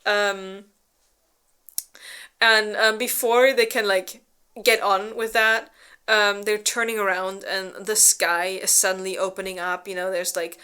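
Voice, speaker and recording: A woman's voice: mid-range voice, level tone, measured pace, bright, forceful tone, clear, resonant tone. A woman co-hosting a book club, casually retelling a plot with lots of fillers, swearing and little acted-out quotes. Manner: rambling with many fillers and restarts, swears freely; acts out characters in exaggerated quoted voices. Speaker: book club co-host presenting a slideshow summary.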